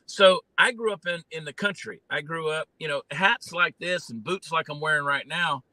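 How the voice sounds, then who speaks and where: A man from Georgia with a Southern drawl, talking in a folksy, animated way as a guest in an interview. His voice is very bright and slightly high, recorded dry and close. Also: normal speed, no echo, low-quality recording. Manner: folksy, animated storytelling with many fillers. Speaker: guest, comedian and candidate. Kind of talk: casual interview talk.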